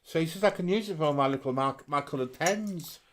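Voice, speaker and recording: A man's voice: brisk, a little hiss or hum. A man co-hosting a casual live stream, playful and gossipy. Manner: playful and gossipy, swings up and down in pitch. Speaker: co-host.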